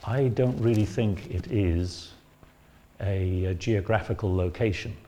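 A man gives an expository sermon, building his points step by step in a measured, explanatory way. He pauses on frequent fillers, and his voice sits on the low side. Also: dark tone. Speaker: preacher.

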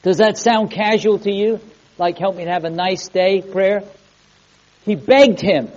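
A man's voice: sits high, unhurried, a little mellow, highs cut off. A man preaching a sermon, earnest, repeating key words and putting questions to the congregation. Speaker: pastor.

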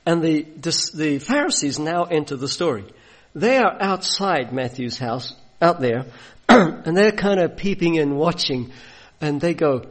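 A man's voice: fairly high pitch, expressive, unhurried, hardly any pauses. A man preaching a sermon, retelling a gospel story and acting out the voices of its people. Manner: storytelling, acts out voices of biblical figures.

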